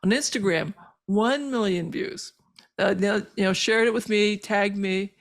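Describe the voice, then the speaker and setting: An older woman, a physician, telling her personal story as a podcast guest, earnest and halting with many fillers and moved as she relives it. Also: medium pitch. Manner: emotional when reliving moments.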